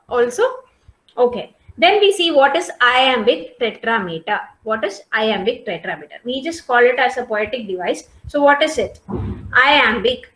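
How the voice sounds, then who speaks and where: A woman's voice: high voice, fairly bright tone. A woman teaching a class, talking patiently with many fillers and checking whether students follow. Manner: patient, repeats and checks understanding. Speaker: lecturer. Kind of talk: classroom lecture. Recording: echoey room.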